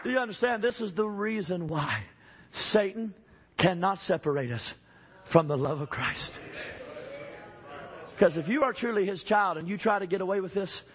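A man preaching a sermon in a church, emphatic, swinging from shouting to low urging and calling out to the congregation. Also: lively intonation, moderate pace, pauses often, lo-fi sound, some chatter behind.

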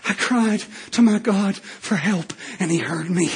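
A man's voice: high voice, unhurried, breathy edge, full character voice. Preacher voicing a grieving biblical king. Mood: murmured prayer. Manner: impassioned preacher's voicing, cries out in shouts. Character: grieving biblical king, grown man, anguished then praising. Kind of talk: sermon.

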